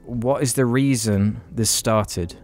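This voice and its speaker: A man's voice: medium pitch, slow, a little mellow, soft background music. A man co-hosting a podcast, telling a story in casual chat, frank and sweary, with many restarts. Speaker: podcast co-host.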